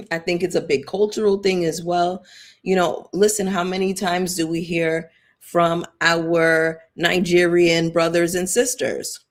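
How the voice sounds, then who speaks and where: A woman with a slightly low voice hosts a casual live-chat stream. She talks loosely, drops fillers and asides, and reads out viewer comments as she goes. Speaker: YouTube commentary host.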